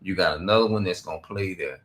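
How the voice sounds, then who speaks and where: A man's voice: low voice, quick pace, a bit bright. A man giving a rambling, profane religious monologue on a stream, reading scripture aloud between his remarks. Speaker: street preacher.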